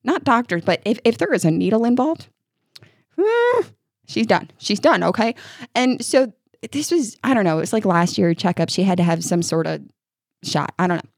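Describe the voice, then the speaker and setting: A woman in her thirties co-hosting a podcast, telling stories in a lively way and acting out what people said. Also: mid-range voice, moderate pace, no echo, studio quality. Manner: animated storytelling, acting out quotes. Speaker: podcast co-host. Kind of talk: casual chat.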